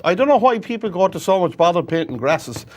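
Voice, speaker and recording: Gentle, chatty man teaching painting. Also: sits high, big pitch swings, a little fast, a little hiss or hum. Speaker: painting instructor. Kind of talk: painting demonstration.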